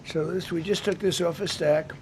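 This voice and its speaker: Gravelly man giving rambling briefing remarks. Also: a little high, fairly even intonation, normal speed, a little mellow, a little hiss or hum. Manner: rambling, repetitive and emphatic. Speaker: speaker at a press briefing.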